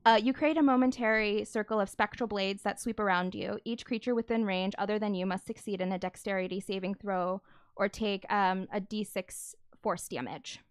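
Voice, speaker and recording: A woman's voice: medium pitch, fairly even intonation, normal speed, clear, resonant tone, dry recording, clean studio sound. A woman playing a tabletop game, describing her character in a chatty way with many fillers. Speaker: player.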